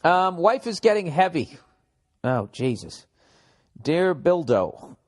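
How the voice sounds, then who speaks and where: A man's voice: on the high side, very animated, takes it slowly. Blunt, profane comedian man. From United States. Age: middle-aged. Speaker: podcast host. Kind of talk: comedic podcast monologue.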